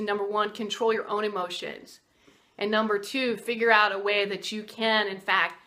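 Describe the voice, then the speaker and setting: A woman's voice: medium pitch, bright, forceful tone. A middle-aged woman, a martial arts teacher, telling a motivational story in a casual, conversational way, with fillers and restarts.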